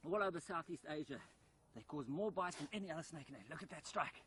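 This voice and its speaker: A man's voice: a little high, expressive, fast, a bit bright, a little hiss or hum, rough recording. A man presenting a wildlife programme outdoors in farmland, enthusiastically explaining while he handles a snake.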